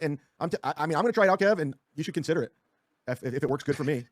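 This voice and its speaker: A man in a heated podcast argument, talking fast, stammering and defensive. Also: fairly high pitch, animated, dry recording, clean studio sound. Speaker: streamer.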